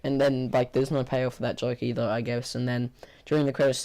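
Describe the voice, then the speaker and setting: A man delivers a fairly quick, casual movie review in a hoarse, weary, medium-pitched voice. He sounds flat and bored, rambling along with frequent fillers and restarts.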